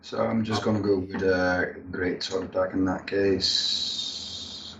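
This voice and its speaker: A man's voice: low voice, level tone, slow pace, highs cut off, noisy background. A man playing in a tabletop game, eagerly talking through his attacks. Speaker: player. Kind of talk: casual tabletop play.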